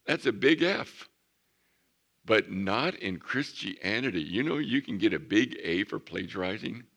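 A man preaching a sermon as pastor, reading scripture slowly and building to emphatic points. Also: fairly low pitch, lively intonation, gravelly, a bit bright. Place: church.

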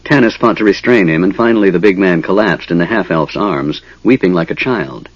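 A man narrating a fantasy audiobook in a measured, dramatic storytelling manner. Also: low-pitched, no room sound, highs cut off.

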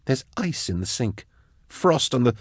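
A man's voice: medium pitch, sing-song, a little slow, slightly rough, no echo, clean studio sound, voice pushed up. A man narrating an audiobook, voicing a nervous male scholar who keeps asking anxious questions in a lifted tone. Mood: uneasy.

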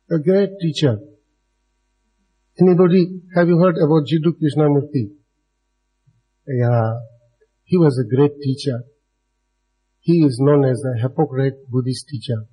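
A man's voice: a little high, dark tone, breathy edge, rough recording. A man giving a dharma talk to a live audience in non-native, broken English, speaking directly to his listeners and chuckling often. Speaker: Buddhist dharma teacher.

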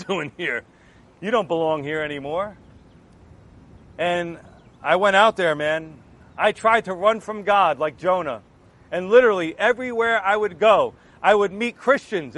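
A man with a noticeably high voice shares his personal testimony. He tells it with earnest, animated energy, slipping into the voices of the people in his story as he goes. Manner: earnest, animated retelling that acts out remembered exchanges. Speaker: Christian giving a testimony.

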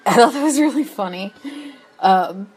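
A woman's voice: mid-range voice, expressive, normal speed, breathy edge, low-quality recording. A woman co-hosting a podcast, recapping a TV episode in casual chat, meandering and laughing often as she loses her place. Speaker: podcast co-host.

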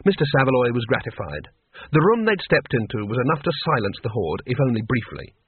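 A man narrating an audiobook in a dry, measured storytelling manner. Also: mid-range voice, very animated, husky, dry recording. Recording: tinny phone-like dry sound.

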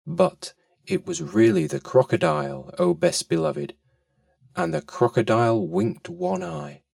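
Man, storybook reading, slow, gravelly, dry, a bit off-mic. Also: on the high side, no echo, distant mic. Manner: fond, expressive storytelling. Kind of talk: reading a children's story aloud.

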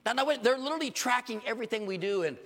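An older man, a pastor delivering a sermon with animated, joking stories and acted asides. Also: very high voice, rapid-fire, big-room sound.

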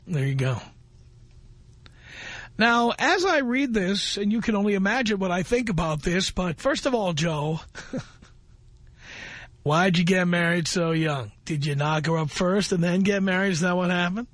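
Man, radio talk host, high voice, sarcastic and scolding, dry close studio sound. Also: expressive, unhurried, long pauses, fairly bright tone, no room sound.

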